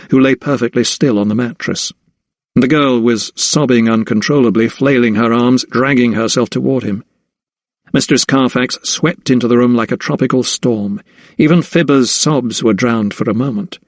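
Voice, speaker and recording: A man's voice: medium pitch, no echo, studio quality. Man reading a historical mystery audiobook. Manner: steady, even storytelling. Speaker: audiobook narrator. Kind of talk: scripted narration.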